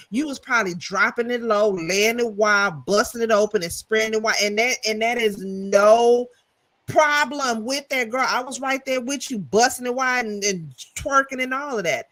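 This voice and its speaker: A woman's voice: on the high side, normal speed, fairly bright tone. A woman co-hosting a live TV review, talking in a sassy, blunt, slangy way. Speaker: co-host, TV reviewer. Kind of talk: casual live TV review chat.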